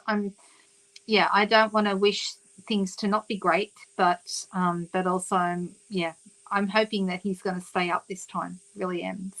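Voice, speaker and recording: A woman's voice: medium pitch, sharp tone, rough recording. An Australian woman hosting a papercraft livestream, chatting casually and greeting viewers by name with plenty of ums. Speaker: papercraft demonstrator and host.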